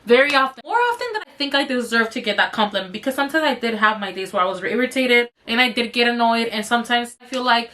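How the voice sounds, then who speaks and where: A young woman vlogger telling a workplace story while doing her makeup, animated and swearing freely, her throat slightly strained. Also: fairly high pitch, fast, hardly any pauses. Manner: animated, swearing, addresses viewers as you guys. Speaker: beauty vlogger.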